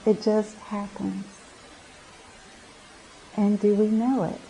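A woman meditation teacher giving a gentle, reflective dharma talk at a retreat center, often pausing and restarting her phrases. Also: medium pitch, little pitch movement, vocal fry, rough recording.

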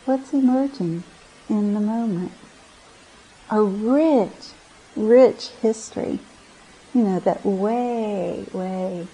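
A woman meditation teacher speaking slowly and unhurriedly in a gentle, reflective dharma talk. Her voice is warm and mellow, and she often pauses and restarts her phrases. She is talking at a retreat center. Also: medium pitch, slightly rough, low-quality recording.

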